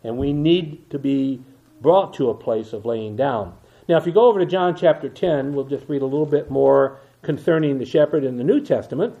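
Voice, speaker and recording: Older preacher with a dull lo-fi sound. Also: male voice, medium pitch, creaky, dark tone. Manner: reads King James verses slowly and with emphasis, asides in a dropped voice. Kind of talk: evening sermon reading scripture. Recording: dull lo-fi church recording.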